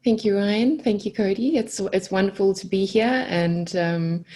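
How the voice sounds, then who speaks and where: A woman's voice: medium pitch, unhurried, dark tone. A woman from South Africa with a South African accent, a coach who is a guest on a podcast, chatting in a friendly way and laughing a little self-consciously. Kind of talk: casual chat.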